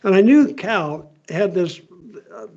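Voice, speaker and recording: A man's voice: high voice, lively intonation, slow, warm tone. An older man reminiscing and chuckling through a story at a panel, in casual chat. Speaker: honored guest. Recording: dull lo-fi audio.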